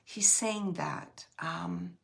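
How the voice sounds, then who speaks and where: A woman giving a live mediumship reading, relaying messages in a halting, emotional way and often searching for words. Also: on the low side, vocal fry. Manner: emotional, close to tears at times.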